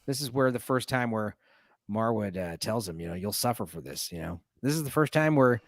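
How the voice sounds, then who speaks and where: Man, casual movie chat host, rambling, frequent laughter, mid-pitched voice, dry close sound. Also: animated, fairly quick, no echo. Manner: rambling, laughs often while retelling scenes. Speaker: stream host.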